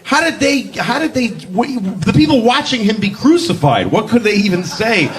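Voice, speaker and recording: A man's voice: high voice, normal speed. A male stand-up comedian performing a set, mock-outraged and acting out characters. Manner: animated, mock-outraged, acts out voices. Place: comedy stage. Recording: live club with audience laughter.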